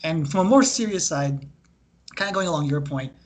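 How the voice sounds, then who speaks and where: A young man co-hosting a sports podcast, chatting casually in a joking, animated way and swearing freely. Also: fairly high pitch, fairly quick. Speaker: podcast co-host.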